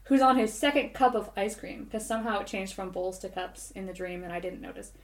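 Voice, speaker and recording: A woman's voice: medium pitch, fairly quick. Woman co-host rambling thru a dream story, lots of "like", middle voice, echoey room. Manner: rambling, animated storytelling full of "like". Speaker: podcast co-host. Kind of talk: casual chat, telling a dream. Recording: roomy echoey recording.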